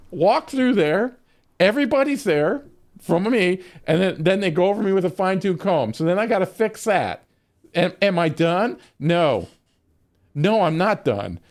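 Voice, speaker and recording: A man with a notably high-pitched voice spins a long, rambling yarn between moments of gameplay. He swears freely, trips over his own restarts and keeps breaking into laughter. He sounds middle-aged and casual, like a streamer chatting to his viewers. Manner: profane, rambling, laughs often. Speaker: game streamer. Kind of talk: casual storytelling during a game stream.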